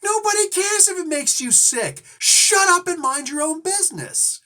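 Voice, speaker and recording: A man's voice: extremely high pitch, animated, normal speed, bright, forceful tone, voice pushed up, full character voice. A man voicing his angry, fed-up wife telling a stranger off.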